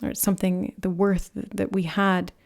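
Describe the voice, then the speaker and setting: A woman giving a pick-a-card tarot reading, speaking in a gentle, earnest way that rambles a little, with soft laughs. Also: mid-range voice, flat delivery, moderate pace, gravelly. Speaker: tarot reader.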